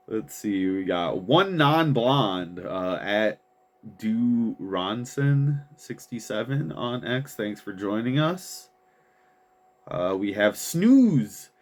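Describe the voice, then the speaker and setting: Male show host, low and unhurried, loose self-mocking delivery, trips over names, casual profanity. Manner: rambling and self-deprecating, stumbles over names with chuckles; swears casually. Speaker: podcast host. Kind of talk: casual chat, reading out follower names.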